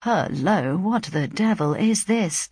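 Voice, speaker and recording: A woman reading a storybook, voicing a defiant, insolent young gentleman husband with a gruff, scornful manner. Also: medium pitch, lively intonation, slow, no echo, studio quality, exaggerated voice.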